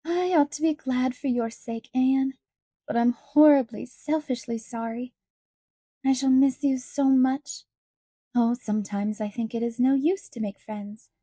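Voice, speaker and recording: A woman's voice: high voice, a little slow, dark tone, no room sound, studio quality. A woman playing a wistful, whimsical genteel lady.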